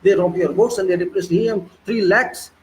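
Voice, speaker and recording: A man's voice: high voice, normal speed, a little hiss or hum, rough recording. A man with an Indian accent delivering an impassioned, ranting political monologue with heavy repetition. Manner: excitable, ranting, repetitive emphasis. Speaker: political commentator.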